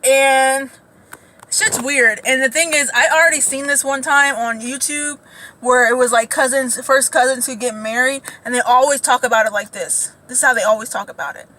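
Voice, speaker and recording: A woman ranting casually as a commentator, blunt, profane and animated. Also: high-pitched, moderate pace, slight background noise, poor audio. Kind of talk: casual reaction rant.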